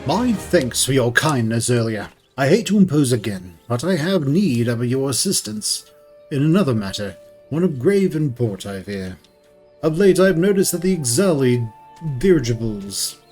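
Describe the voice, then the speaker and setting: A formal, courteous gentleman from a fantasy game, read aloud by a man, worried and choosing stiff, archaic words. His voice sits at a middle pitch. Soft music runs behind. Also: sing-song, normal speed, lightly acted. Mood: concerned.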